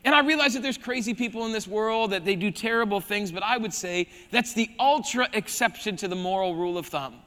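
A man from South Dakota preaching a lively sermon, his high voice ringing bright and sharp. He drops to a hush to press a point, then surges loud again. A long hall reverb trails each phrase. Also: a little fast, hardly any pauses. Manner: animated preaching, swinging from hushed emphasis to loud bursts. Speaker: pastor. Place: church hall.

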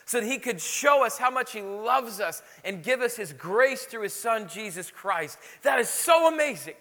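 A man preaching a sermon as pastor, telling stories with animated exclamations. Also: very high voice, moderate pace, few pauses, big-room sound. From Illinois. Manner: animated storytelling, lively exclamations.

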